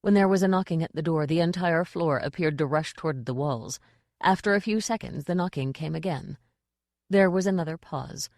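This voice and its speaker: Low, dry-toned female audiobook narrator. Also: moderate pace, a little mellow, no room sound. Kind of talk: scripted narration.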